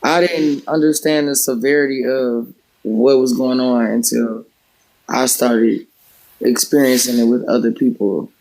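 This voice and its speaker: Brief: male host, casual rambling storyteller, filler-heavy, mid-pitched voice. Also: fairly even intonation, a little slow, gravelly, darkish tone, poor audio. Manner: loose, rambling telling with many "like" fillers. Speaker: livestream host; former home health care worker.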